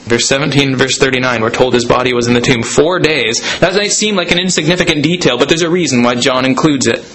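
A man preaching a sermon, dramatic, slowing down for emphasis. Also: medium pitch, fairly bright tone, rough recording. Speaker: pastor.

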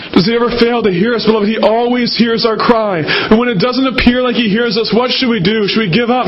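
Man, pastor, earnest sermon, very high voice, dull lo-fi recording. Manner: earnest, repetitive preaching with direct address to the congregation.

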